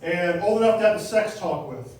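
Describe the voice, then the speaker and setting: High-voiced man doing stand-up, echoey. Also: animated, a little fast, darkish tone, slight background noise. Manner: chatty, teasing the crowd. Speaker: stand-up comedian. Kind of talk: stand-up comedy set. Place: small comedy club. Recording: echoey club from far off.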